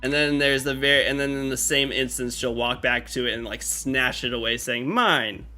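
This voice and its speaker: A man's voice: mid-range voice, completely flat delivery, a little fast, sharp tone. A man chatting casually on a live game stream, rambling with lots of fillers and restarts. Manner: rambling, filler-heavy talk with many restarts. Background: faint game music.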